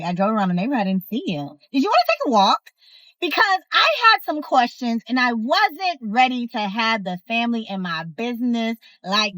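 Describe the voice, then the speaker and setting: A young woman telling a personal story in a casual, sassy, animated way, speaking straight to her viewers. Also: on the high side, no echo, rough recording. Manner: animated, sassy, talks to the viewer, acts out others' voices. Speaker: storyteller host.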